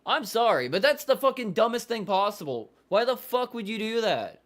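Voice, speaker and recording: High-voiced man fuming over a football game. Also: big pitch swings, moderate pace. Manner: exasperated, swears constantly, shouts in disbelief; mutters play-by-play updates. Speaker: live stream reaction host. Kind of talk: live game reaction commentary.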